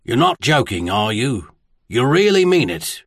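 A man's voice: mid-range voice, very animated, measured pace, fairly bright tone, no echo, clean studio sound, exaggerated voice. A man reading the part of a wry, shrewd older male spymaster baron in an audiobook. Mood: intent. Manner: wry, probing questions.

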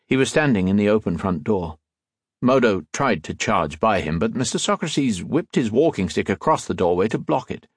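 A male audiobook narrator reads with expressive storytelling. His voice is low and husky with a lively, swinging pitch, recorded close and dry. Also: normal speed, no room sound. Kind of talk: scripted narration.

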